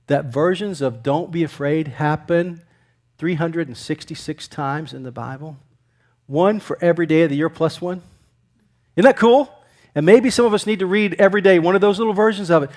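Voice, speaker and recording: High-voiced pastor preaching a conversational sermon. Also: male voice, a little fast. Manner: conversational preaching, asks the congregation questions; swings between loud emphatic lines and quiet near-whispers.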